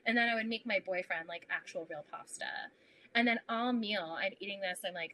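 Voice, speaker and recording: A woman's voice: medium pitch, fast, a little hiss or hum, rough recording. A young woman guest on a podcast, chatting casually and acting out her inner voices with frequent laughs. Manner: animated, acts out inner voices, laughs often. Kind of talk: casual interview chat.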